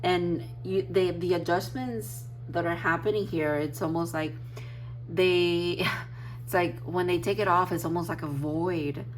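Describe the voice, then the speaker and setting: A woman's voice: on the low side, fairly even intonation, measured pace, a little hiss or hum, low-quality recording. A woman giving a casual tarot reading, rambling and emotional, with many fillers and restarts. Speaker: tarot reader.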